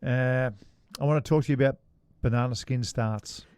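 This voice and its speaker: A man co-hosts a golf podcast in a relaxed, joking way, with quick asides. His voice sits mid-range and sounds close and dry, with no room in it. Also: medium pitch, clean tone, dry recording. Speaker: podcast co-host. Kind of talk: casual golf chat.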